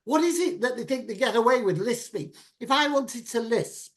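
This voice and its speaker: A middle-aged man ranting about politics in casual chat, animated and at times shouting. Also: very high voice, moderate pace, few pauses.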